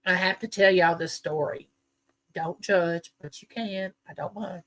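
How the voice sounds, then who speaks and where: With a Southern US accent, a female livestream host from the American South chats casually and spins rambling stories for her viewers. Her voice sits on the low side, steady, measured, and a bit bright.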